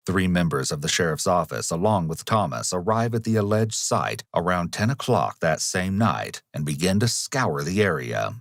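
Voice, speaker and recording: A man with a deep, low voice reads scripted narration. He speaks in a measured, analytical way. The sound is dry and close, with no room in it. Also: sing-song, no echo. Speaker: documentary narrator.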